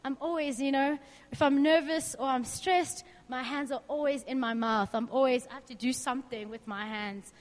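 A woman's voice: high-pitched, fairly even intonation, moderate pace, long reverb tail. A young woman giving an informal faith talk to a group, chatty and candid, asking the room questions and sharing personal stories. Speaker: youth speaker.

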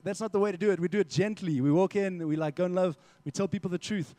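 A young man preaching a casual, energetic sermon to a youth group, slipping into quick acted-out dialogues as he teaches. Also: high voice, no echo. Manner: energetic, conversational, acts out little dialogues. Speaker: youth pastor.

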